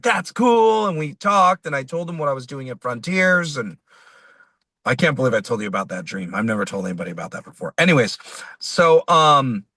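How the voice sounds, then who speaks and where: Bright, animated man telling a story. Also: mid-range voice, no echo. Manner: animated, quotes people in his stories. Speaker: singer-songwriter, interview guest. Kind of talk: casual storytelling in an interview.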